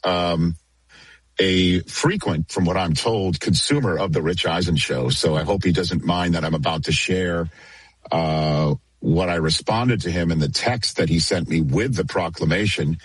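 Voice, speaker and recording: A man with a very low, husky voice, chatting as a guest over a video call. He talks in a relaxed, wry way and takes his time. The sound is dry and close. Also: unhurried, no room sound, low-quality recording. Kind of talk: casual chat.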